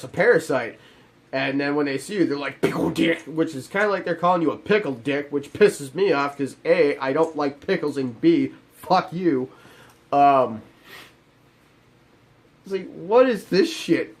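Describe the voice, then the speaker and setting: Sarcastic ranting man, higher voice. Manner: animated, sarcastic, profane. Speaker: video game reviewer. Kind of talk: ranting game review.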